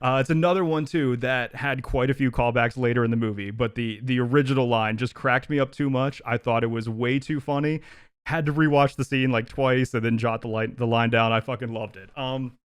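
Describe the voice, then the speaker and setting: A man co-hosting a podcast, chatting casually in an excitable, enthusiastic way. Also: medium pitch, clear, resonant tone, dry recording, studio quality. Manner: excitable, enthusiastic, quick to laugh. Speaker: podcast co-host. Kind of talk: casual chat.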